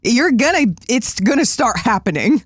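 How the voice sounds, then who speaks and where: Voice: medium pitch, very animated, moderate pace, a bit bright, slightly rough, dry recording, clean studio sound. A co-host in their thirties chatting casually on a live show, joking and laughing easily. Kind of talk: casual live-stream chat.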